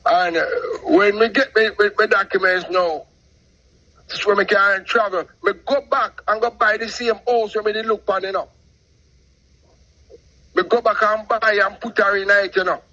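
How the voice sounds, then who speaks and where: A middle-aged Jamaican man telling a long personal story in patois, animated and talkative, calling in to a show. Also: high-pitched, normal speed, lo-fi sound. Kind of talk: casual storytelling on a call-in show.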